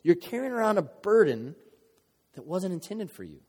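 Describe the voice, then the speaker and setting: A man's voice: high-pitched, sing-song, moderate pace, a little mellow. A man preaching a sermon as a pastor, earnest and conversational, with emotional moments and playful asides. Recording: long reverb of a large hall.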